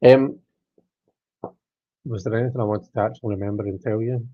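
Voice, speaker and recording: A man's voice: fairly low pitch, fairly even intonation, brisk, no echo. A man in his thirties hosting a casual tarot live stream, chatting in a rambling way and reading viewer comments aloud. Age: 30s. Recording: dull lo-fi stream audio.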